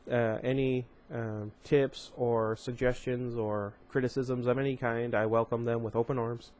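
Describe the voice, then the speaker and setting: A man's voice: medium pitch, little pitch movement, unhurried, a little mellow. A man reading a novel aloud as a vlogger, chatty, often stumbling over words and correcting himself. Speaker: audiobook reader and vlogger.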